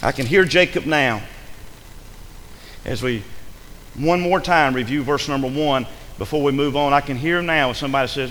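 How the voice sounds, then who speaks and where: A man preaching a sermon, lively and forceful, acting out the voices of the people he addresses. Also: mid-range voice, moderate pace, long reverb tail, slight background noise, poor audio. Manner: animated preaching, acts out imagined voices. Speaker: pastor.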